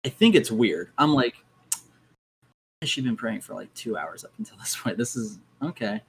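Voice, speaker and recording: A young man, a podcast guest, telling his own ghost experiences in a casual, animated way and acting out his reactions. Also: medium pitch, normal speed, slight background noise, rough recording.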